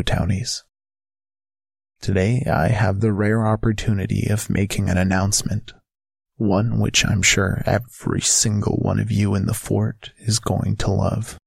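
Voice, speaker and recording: A woman's voice: very deep voice, gravelly, husky, no room sound. A woman hosting a comedy podcast, with a dry, exasperated and reluctant way of talking. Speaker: podcast host.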